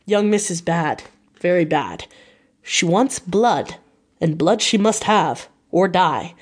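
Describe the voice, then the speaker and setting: A woman reading the lines of a grave, kindly old male professor, speaking slowly and formally in a storybook reading. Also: fairly low pitch, lively intonation, husky, heavily acted.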